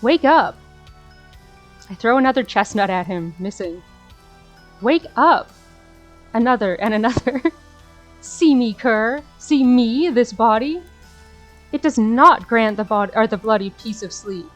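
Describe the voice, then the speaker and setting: A woman's voice: mid-range voice, normal speed, lightly acted. Tormented demon woman, centuries trapped, bitter and unhinged, as a streamer reads her aloud; swings from despair to cursing, faint music behind. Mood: ranting. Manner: dramatic reading, swinging between despair and shouted curses. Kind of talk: reading a visual novel aloud.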